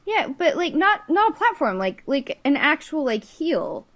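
A woman's voice: sits high, very animated, unhurried, crowd noise. Rambling woman on a comedy podcast. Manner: rambling, lots of "like" fillers. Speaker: podcast co-host.

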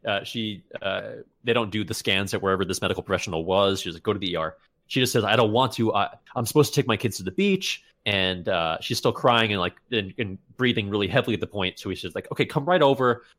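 A man co-hosting a casual podcast, reading out funny stories with halting restarts and frequent laughs. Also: lowish voice, a bit bright. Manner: halting, many restarts and fillers, laughs often. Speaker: podcast co-host.

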